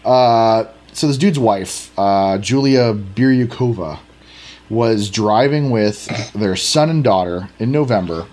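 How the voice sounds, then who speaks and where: A man's voice: on the low side, takes it slowly, a little mellow. A man co-hosting a casual podcast, rambling and joking at his own expense. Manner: rambling, self-deprecating, many restarts. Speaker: podcast co-host.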